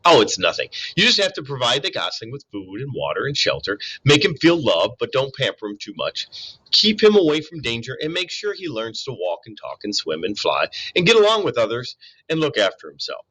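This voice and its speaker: A man voicing a bossy old female gray goose who talks in a brisk, scolding, blunt way. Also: medium pitch, wildly swooping pitch, bright, forceful tone, husky, full character voice, low-quality recording.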